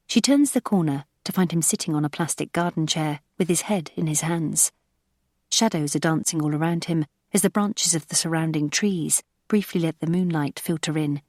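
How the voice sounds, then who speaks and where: A woman narrating an audiobook thriller in a measured, even storytelling voice. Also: low voice, no echo, clean studio sound. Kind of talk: scripted narration.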